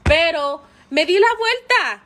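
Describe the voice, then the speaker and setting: A mother vlogging to camera, telling a story in a chatty, animated way with many fillers and frequent laughter. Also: very high voice, measured pace.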